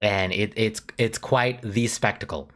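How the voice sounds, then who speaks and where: Bright-voiced rambling streamer guy. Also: lowish voice, fairly even intonation, measured pace. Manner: rambling and tangent-prone, stammers on restarts. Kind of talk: casual live-stream chat.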